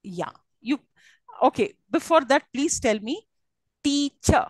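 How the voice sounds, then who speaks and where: A woman's voice: high-pitched, expressive, measured pace, breathy edge, no room sound. A woman with an Indian English accent lecturing students on syllables and word stress, often checking they follow. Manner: explains with frequent checks to students, encouraging. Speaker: teacher. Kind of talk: classroom lecture on English phonetics. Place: classroom.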